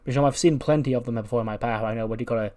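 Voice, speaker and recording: A man voices a laid-back female wrestler who wanders off into musings mid-sentence. The delivery stays close to his own middle-pitched voice, loose and meandering. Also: very fast, darkish tone, close to an everyday voice. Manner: rambling, musing. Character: calm philosophical female wrestler.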